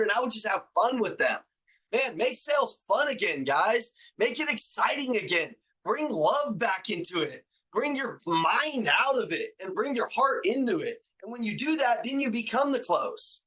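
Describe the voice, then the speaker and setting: A man with a fairly high voice delivers a motivational talk to salespeople. He hammers his points with repetition, slang and casual swearing, often climbing into loud, driving shouts. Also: big pitch swings, normal speed, husky, poor audio. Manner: emphatic, repetitive, slangy and profane. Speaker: sales trainer and motivational speaker. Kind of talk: motivational speech.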